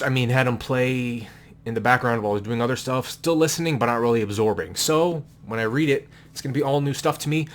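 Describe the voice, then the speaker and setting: There's a distracting noise in the room as a medium-pitched man films himself at home talking about his book collection. His chat is casual and rambling, full of self-corrections and an offhand, somewhat crude attitude.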